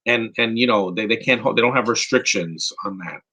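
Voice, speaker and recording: A man's voice: on the low side, brisk, bright, forceful tone, breathy edge, poor audio. A man from New York hosting a live movie commentary podcast, giving rambling, opinionated takes and answering chat questions. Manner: opinionated and rambling, with frequent restarts. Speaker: podcast host.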